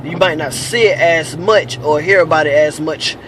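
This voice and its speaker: A cab driver talks from inside his taxi in a slightly high voice, summing things up in a measured way with plenty of fillers. Faint road noise runs underneath. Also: a bit bright, low-quality recording. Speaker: taxi driver recording the show. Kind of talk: commentary on a recorded chat.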